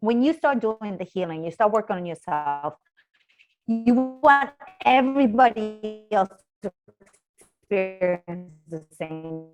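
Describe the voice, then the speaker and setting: A woman mentor and coach speaking candidly as an interview guest, often dropping to a soft, low voice. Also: lively intonation, measured pace, highs cut off, faint music behind. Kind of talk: casual interview chat.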